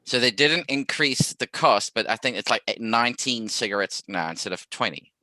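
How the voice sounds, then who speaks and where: An English man hosting a casual video-call chat, swearing freely and talking in animated bursts. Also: medium pitch, moderate pace, no echo. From England. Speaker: podcast host.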